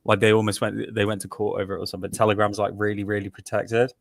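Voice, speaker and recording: Animated man telling stories, from Britain. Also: lowish voice, fast, creaky. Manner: animated storytelling, swears, laughs mid-sentence. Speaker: podcast co-host. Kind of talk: casual chat.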